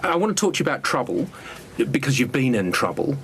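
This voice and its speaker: A man's voice: mid-range voice, very animated, fast talker, a bit bright, slight background noise. A man hosting a radio interview, asking questions with a dry, teasing manner. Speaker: radio host.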